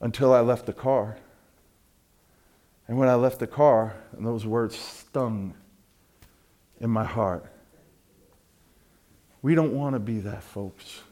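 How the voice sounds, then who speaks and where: Fervent preacher, loud peaks and hushed lows. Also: male voice, slow pace, long pauses. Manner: swings from loud fervent peaks to low quiet storytelling. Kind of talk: sermon.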